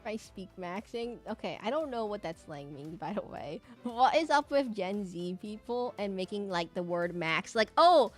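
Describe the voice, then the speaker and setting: A woman streamer chatting casually while she draws, with a slight lisp and fast, tumbling speech full of restarts. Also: medium pitch, lively intonation, faint music behind.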